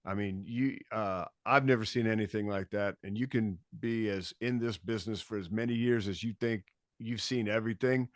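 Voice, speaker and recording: Animated, swearing man on a podcast. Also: fairly low pitch, moderate pace, no echo, studio quality. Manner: animated, acts out quotes, swears freely. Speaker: podcast guest, bass tech. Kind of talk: casual storytelling chat.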